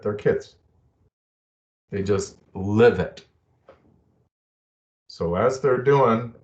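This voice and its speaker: A man's voice: lowish voice, highs cut off. A middle-aged man giving a webinar talk, earnest and personal, telling stories from his own life. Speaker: presenter. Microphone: video call.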